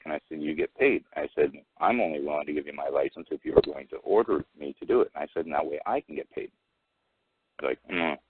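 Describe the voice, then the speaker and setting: A man phones in to a talk show and tells his story in halting, rambling bursts, packed with fillers and restarts as he quotes what each person said. His voice sits very low and husky. The call comes through a thin, dry phone line. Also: no echo. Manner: retells exchanges by quoting both sides. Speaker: caller.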